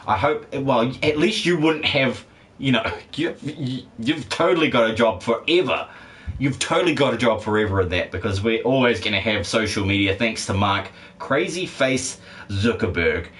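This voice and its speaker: Reading chat during a casual live stream, a game streamer rambles, cracks jokes, swears and laughs a lot with his viewers. He has a medium-pitched, a bit bright voice and sounds animated at a normal speed.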